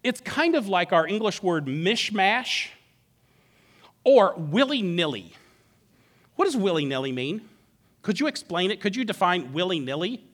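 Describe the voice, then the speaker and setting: A middle-aged male pastor preaching with a high, bright voice. His pitch swings widely as he tells the story in a playful, animated way, often restarting his sentences. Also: a little slow, long pauses. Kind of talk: sermon.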